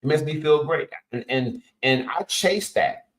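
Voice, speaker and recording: A man's voice: a little high, a little slow. A man, a coach and host giving an emphatic, casual motivational talk. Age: 50s. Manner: energetic, emphatic, punchy interjections.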